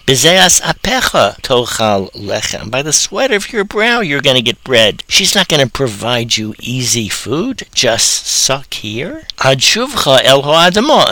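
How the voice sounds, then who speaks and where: A man teaching a Torah lecture in an animated way, acting out quotes and making puns. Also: mid-range voice, creaky, no echo, rough recording. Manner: animated, voices God and the earth in quotes, punning.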